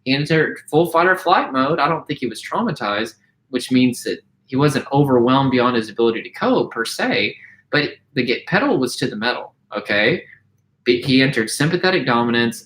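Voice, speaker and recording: A man at home coaches his course members through handling anxiety, speaking at an ordinary middle pitch. He talks in an earnest, unscripted way, stumbling over and repeating words. He keeps checking in with a quick "okay?". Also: fairly bright tone, rough recording. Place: home, mowing heard outside.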